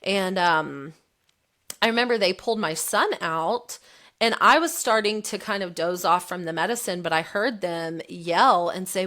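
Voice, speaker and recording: A woman's voice: fairly low pitch, moderate pace. Candid woman retelling a story. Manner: candid, animated retelling, voicing the quotes. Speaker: podcast guest. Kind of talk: personal storytelling in an interview.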